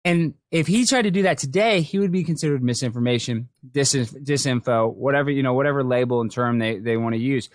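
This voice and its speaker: A man hosting a casual political podcast, talking in an animated, excitable way. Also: medium pitch, brisk, hardly any pauses, dry recording, studio quality. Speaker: podcast host.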